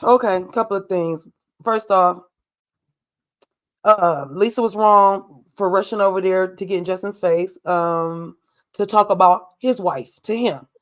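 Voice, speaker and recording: A woman's voice: mid-range voice, fairly even intonation, measured pace. A woman co-hosting a reality TV recap, giving blunt, opinionated commentary. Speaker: recap show co-host.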